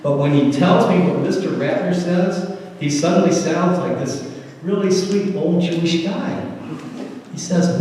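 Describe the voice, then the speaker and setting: A man delivers a spoken-word sermon as animated, humorous storytelling. His voice is fairly high for a man. It echoes around a large hall, picked up from some distance, with faint room noise behind. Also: a little slow. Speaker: slam performer. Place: live event hall.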